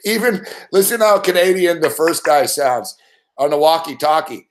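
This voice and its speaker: A man's voice: fairly high pitch, expressive, normal speed. A man hosting a casual live reaction chat, laughing, swearing and rambling as he talks. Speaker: host.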